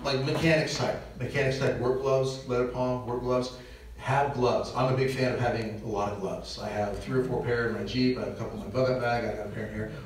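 A man's voice: medium pitch, slight background noise. A middle-aged man from Nebraska speaking casually to a parish audience, joking and chatty with lots of asides. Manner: conversational, joking, with frequent asides and chuckles. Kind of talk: casual talk to a church audience. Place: large church. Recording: echoey church from far off.

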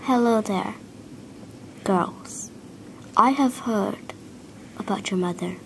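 A woman voicing a clan leader animal offering condolences in a low, hushed tone. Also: slow, gravelly, a little hiss or hum. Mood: sympathetic.

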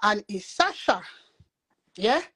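A woman's voice: mid-range voice, sing-song, takes it slowly, pushed and bright, slightly rough. A woman with a Jamaican patois accent, telling a long rambling story in a casual live chat. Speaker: storyteller guest.

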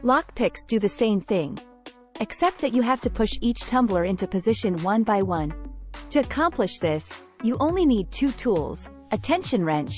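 A woman reads a book summary as scripted narration, with a measured and explanatory delivery. Her voice sits at an ordinary middle pitch for a woman. Soft music plays faintly underneath.

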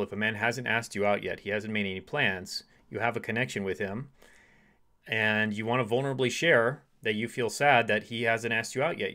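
A man giving dating advice to women as a relationship coach, speaking straight to the listener and acting out short example conversations. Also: on the low side. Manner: acts out short quoted dialogues in softer voice.

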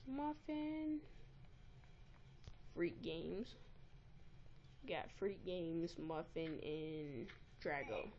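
A woman giving casual, excitable and easily exasperated commentary while playing a game, recorded on a tablet's built-in mic. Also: sits low, drawn-out words, highs cut off, a little hiss or hum. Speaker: gameplay recorder.

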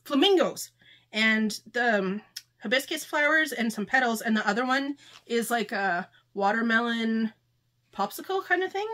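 A high-pitched woman hosts a casual unboxing vlog. She sounds excitable and gushing, sometimes close to tears, and sometimes reads book blurbs aloud. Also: normal speed. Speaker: channel host.

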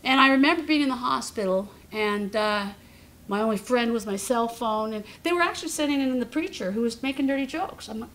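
In a hospital meeting room, a comedian in her fifties tells a support group her own story with wry, self-mocking humor. Her voice is a little high, a little fast, and fairly bright.

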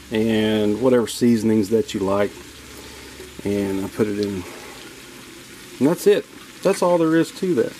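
A man talks his viewers through frying up a batch in a home kitchen, folksy and full of enthusiasm. His voice sits at an ordinary middle pitch. A faint sizzle of frying food runs under his words. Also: warm tone, slight background noise, low-quality recording. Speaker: outdoor cooking channel host. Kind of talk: casual cooking vlog.

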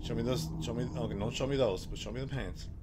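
A man's voice: medium pitch, fast talker, background noise. A man giving joking let's-play commentary on a horror game, talking to his viewers and to the characters on screen. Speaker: gaming channel host. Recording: game music underneath.

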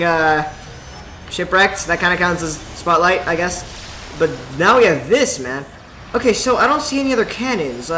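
Young male gaming host, bright and chatty, mic in a roomy space. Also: sits high. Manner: excitable, chatty, talks to the viewers while playing. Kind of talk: let's play commentary. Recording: roomy home recording. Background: faint game music.

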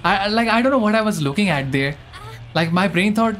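A young man streaming a game live, chatting in a rambling, excitable way and often mocking his own mistakes. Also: high-pitched, a little fast, soft background music. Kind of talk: live gameplay commentary.

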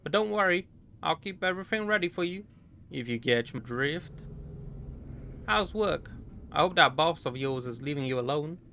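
A man's voice: a little high, animated, moderate pace, long pauses, pushed and bright, slight background noise. A man putting on a homesick American sailor. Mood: affectionate. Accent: put-on stereotypical American. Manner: tender, homesick reading of a love letter. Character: young male sailor writing home to his sweetheart.

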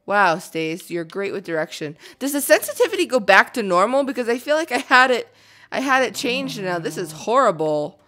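A young woman casually commenting on her own gameplay, chatty and excitable, chattering to herself and to the game animals. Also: medium pitch, normal speed. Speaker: gaming video host.

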